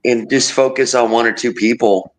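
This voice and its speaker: A man in casual group conversation, telling an animated anecdote and laughing often. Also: medium pitch, normal speed, rough recording. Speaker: storyteller in a group chat. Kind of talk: casual chat.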